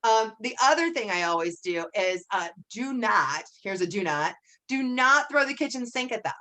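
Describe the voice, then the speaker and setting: A woman gives her direct sales team a casual training talk, chatting easily and acting out sample lines in a brighter voice. Her pitch is medium, her intonation lively, and her speed normal.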